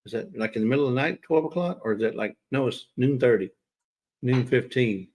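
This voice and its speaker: A man's voice: mid-range voice, a little fast, a little mellow. Chatty man hosting a livestream. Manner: chatty, teasing, talks straight to chat viewers. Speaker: livestream host. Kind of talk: casual livestream chat.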